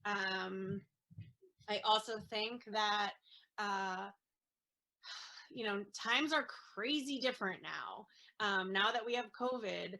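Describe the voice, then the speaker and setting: A woman speaking as an interview guest, an earnest mother talking in a halting way with many fillers and restarts. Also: medium pitch, creaky, pushed and bright, rough recording. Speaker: guest, autism mom. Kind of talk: casual interview chat.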